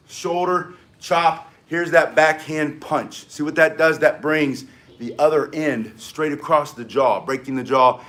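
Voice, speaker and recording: An older American man with an excitable, energetic manner, teaching self-defense in a live-streamed martial arts lesson and barking short emphatic commands. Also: on the high side. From United States. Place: home in South Florida.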